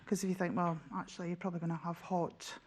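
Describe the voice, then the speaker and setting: A woman's voice: on the low side, little pitch movement, quick pace, a little hiss or hum. Reassuring woman demonstrating sewing. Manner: reassuring, explains steps patiently. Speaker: sewing guest expert. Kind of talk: demonstration explaining. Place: TV studio.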